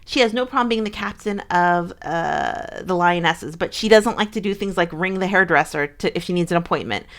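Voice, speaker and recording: A woman's voice: on the low side, fairly quick, a bit bright. A young woman co-hosting a casual chat, rambling along with many fillers and restarts. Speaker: co-host of a fan channel.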